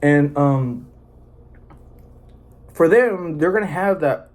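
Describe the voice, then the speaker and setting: A man's voice: on the high side, animated, measured pace, long pauses, darkish tone. A man talking casually and earnestly to his viewers, rambling with many fillers and restarts. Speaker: vlogger sharing personal experience. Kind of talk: casual personal talk to camera.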